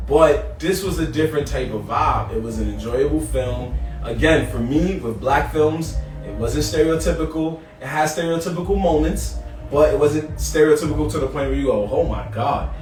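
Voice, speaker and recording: A man co-hosting a podcast in casual chat, animated and acting out quotes with sudden jumps in voice. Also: on the high side, normal speed. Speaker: podcast co-host. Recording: roomy, distant mic with music behind.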